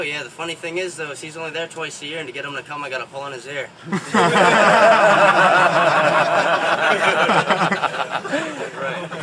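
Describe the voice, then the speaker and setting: A man's voice: on the high side, recorded from a distance, background noise. A man doing stand-up, telling bar jokes in a folksy way and chuckling at his own punchlines. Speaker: stand-up comedian.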